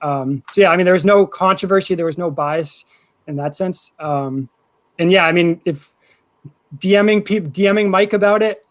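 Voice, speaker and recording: Calm explaining man on a podcast. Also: sits high, normal speed. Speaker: podcast co-host. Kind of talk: casual podcast chat.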